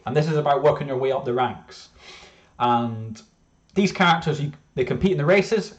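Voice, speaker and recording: A man talks through his project in a loose, chatty way at an ordinary middle pitch. He trips over his own sentences and restarts them, cracks jokes at himself, and gets excited as he goes. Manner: rambling, self-interrupting, excitable, jokey. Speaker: game developer presenting his project. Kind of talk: casual screen-share presentation.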